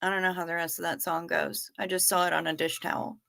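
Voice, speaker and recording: A woman reads chat comments aloud on a casual livestream, replying to viewers in a friendly, apologetic way. Her lowish voice is creaky, pushed, and bright, with a level tone and a fast pace.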